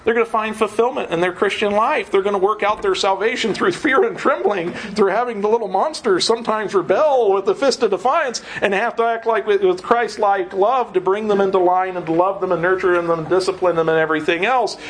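High-voiced man preaching a sermon. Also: brisk, hardly any pauses, low-quality recording. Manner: earnest teaching with frequent chuckles.

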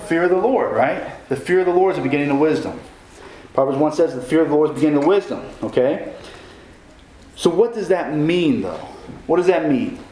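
A man's voice: on the high side, animated, brisk, warm tone, slight background noise. Male pastor, raised voice, preaching in a reverberant church hall. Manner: preaching with questions to the congregation. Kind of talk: sermon.

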